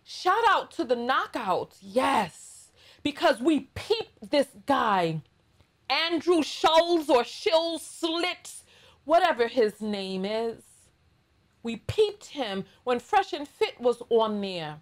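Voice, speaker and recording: A woman's voice: high-pitched, very animated, takes it slowly. A woman with a New York accent hosting a casual commentary vlog, blunt and sarcastic as she scolds her viewers. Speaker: commentary channel host.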